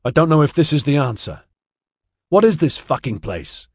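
A blunt, exasperated young man snaps back in plain speech, read by a male audiobook narrator. His voice is husky and moves around in pitch. The recording is dry and close. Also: very animated, moderate pace, darkish tone, dry recording.

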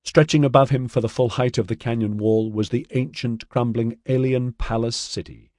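A man narrates an audiobook, telling the story in an expressive yet measured way. His voice sits in the mid-range, and the recording is dry with studio quality.

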